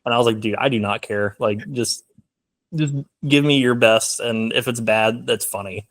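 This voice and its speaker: A man's voice: medium pitch, fairly even intonation, normal speed. Rambling young man, filler-heavy. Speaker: filmmaker guest. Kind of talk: casual interview chat.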